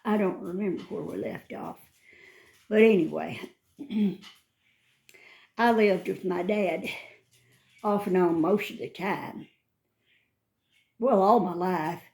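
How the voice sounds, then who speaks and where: An older woman chatting casually into her phone, rambling and calling to cats in a high sing-song. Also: slow, creaky, pauses often, darkish tone. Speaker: vlogger. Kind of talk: casual chat. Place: outdoors by a front door, then back indoors. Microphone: phone held in hand.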